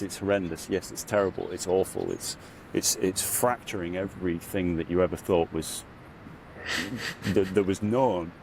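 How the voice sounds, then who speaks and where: Low-voiced man sharing an earnest story. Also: slight background noise. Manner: earnest, reflective storytelling with frequent "you know"; grows loud and high when recounting his ordeal. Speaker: podcast guest, spiritual guide. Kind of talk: casual conversational interview.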